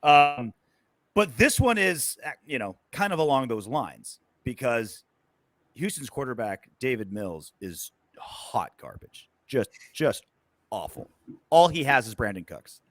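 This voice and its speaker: A man's voice: mid-range voice, big pitch swings, a little slow, no room sound. A man co-hosting a casual sports podcast, loose and sarcastic, with lots of fillers and swearing. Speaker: podcast co-host.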